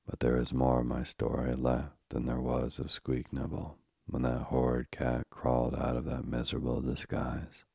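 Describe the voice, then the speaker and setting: A man's voice: very deep voice, completely flat delivery, moderate pace, creaky, few pauses, warm tone, husky, dry recording, clean studio sound, exaggerated voice. A man voicing a little mauve mouse. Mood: dramatic. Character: little mauve female mouse storyteller, dramatic.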